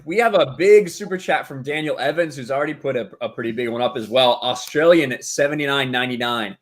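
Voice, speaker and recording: A man's voice: mid-range voice, fast talker. Easygoing man reading donations. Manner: easygoing, thanking viewers. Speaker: stream host reading donations. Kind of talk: casual chat.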